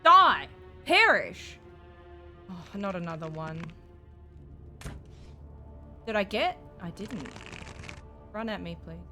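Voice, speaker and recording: A young woman streaming a game and reacting out loud, jumpy and profane, shrieking and laughing at scares. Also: lowish voice, slow, pauses often, faint music behind. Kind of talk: live let's-play commentary.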